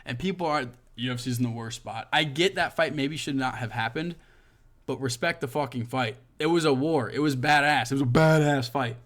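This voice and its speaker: Fired-up man ranting, voice a bit high. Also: moderate pace. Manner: heated, profane ranting with sudden loud outbursts. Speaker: podcast host. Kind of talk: reading and reacting to online comments.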